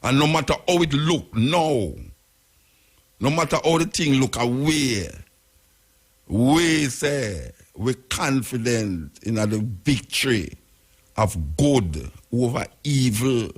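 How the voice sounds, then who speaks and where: A man with a Jamaican accent speaks in patois as a radio talk show host, his voice husky and grainy. He works through his argument with rhetorical questions and repeats his points for emphasis. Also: medium pitch, expressive, takes it slowly.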